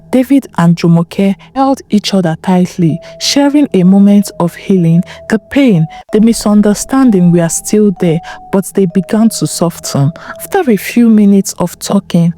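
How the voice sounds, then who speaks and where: A woman's voice: mid-range voice, dark tone. Woman narrating a storybook tale.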